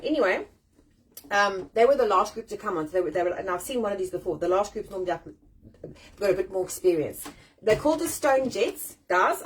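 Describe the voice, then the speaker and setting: A South African woman in her forties hosting a casual live-stream chat from home, animated, self-deprecating and swearing freely. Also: medium pitch, a little hiss or hum, rough recording. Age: 40s. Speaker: host. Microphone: phone or webcam on a live stream.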